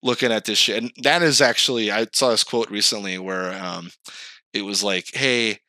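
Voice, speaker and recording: A man co-hosting a podcast in casual chat, animated and swearing, acting out outbursts. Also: on the low side, normal speed, no echo. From California. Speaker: podcast co-host.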